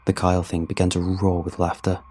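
A man telling a first-person horror story in a grim, measured way. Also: low voice, completely flat delivery, warm tone. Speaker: narrator.

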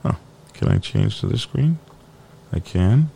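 A man with a gravelly, fairly low voice hosts a casual biker news live stream. His pitch jumps around a lot as he rambles and jokes. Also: wildly swooping pitch, unhurried, mellow, slight background noise. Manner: rambling, joking, talks to his dog mid-show. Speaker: biker news show host.

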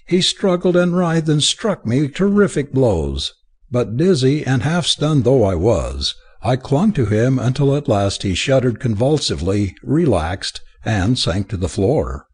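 Husky male audiobook narrator, theatrical. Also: medium pitch. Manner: expressive, theatrical reading. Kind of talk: dramatic first-person audiobook narration.

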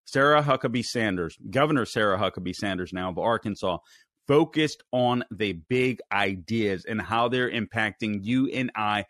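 A man's voice: fairly low pitch, normal speed, fairly bright tone, no echo, studio quality. A man hosting a political talk show, delivering heated, emphatic commentary with many fillers and restarts.

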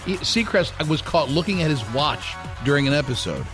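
Male radio host, animated banter, mid-high voice, faint music bed. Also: moderate pace. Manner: animated storyteller, acts out quotes in high voices. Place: radio studio.

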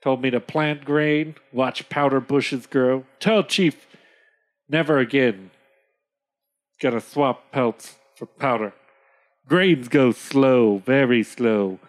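A man voicing a gruff, stubborn and sly old male chief in a low, flat, deadpan way, in a comic reading. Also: slow pace, close to an everyday voice.

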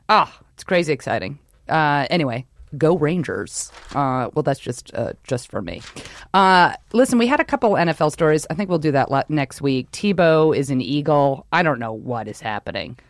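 A woman from New York co-hosting a podcast, chatting about sports in an excitable, rambling way that keeps breaking off mid-thought. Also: sits low, normal speed, no room sound, clean studio sound. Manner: rambling, excitable, self-interrupting. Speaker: podcast co-host. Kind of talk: casual sports chat.

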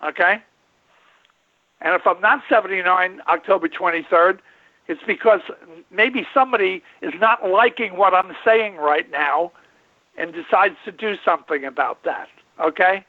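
Here the elderly veterinarian hosting a call-in show talks at normal speed in a voice that sits high. The recording is dry, with thin phone-line quality, and he comes across as folksy and emphatic, rambling and repeating himself.

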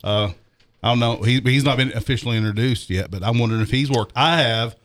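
A man's voice: mid-range voice, fast talker, a bit bright. A man co-hosting a casual sports radio show, rambling and self-deprecating, chuckling as he talks.

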